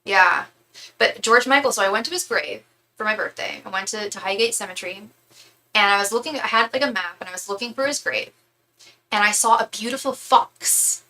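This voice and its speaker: A woman's voice: mid-range voice, a little fast, bright, forceful tone, slight background noise, low-quality recording. A young woman hosting a livestream, chatting casually with viewers in a gushing way, full of fillers and restarts. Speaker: tarot reader and psychic livestream host. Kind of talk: casual livestream chat reading comments.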